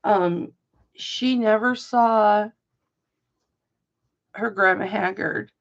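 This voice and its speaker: A woman's voice: mid-range voice, creaky. An older woman telling a rambling personal story in a chatty, casual way, full of asides, on dull lo-fi audio. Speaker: live auction host.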